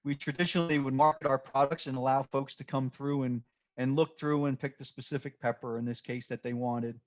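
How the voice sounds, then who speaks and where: A man giving a recorded slide presentation, speaking off the cuff and halting often with fillers and restarts. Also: mid-range voice, fairly even intonation. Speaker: extension presenter.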